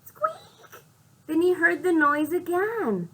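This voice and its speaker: A librarian reads a picture book to young children, going slowly and expressively, quizzing the kids and dropping to a whisper for suspense. Her voice is fairly high, very animated, bright and forceful. The audio quality is poor.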